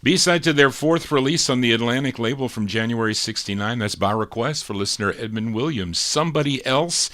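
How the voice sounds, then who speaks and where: A man hosts a record show live, talking in an easygoing way between songs. His voice sits at an ordinary middle pitch. He fills the gaps with song details and dedications for listeners. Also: fairly quick, few pauses, a bit bright.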